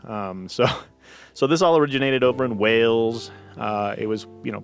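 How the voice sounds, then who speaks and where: A man co-hosting a casual podcast, telling folklore in a relaxed way, full of you-knows and fillers. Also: medium pitch, moderate pace, vocal fry, soft background music. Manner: easygoing storyteller, many you-knows and fillers. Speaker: podcast co-host. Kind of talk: casual paranormal podcast chat.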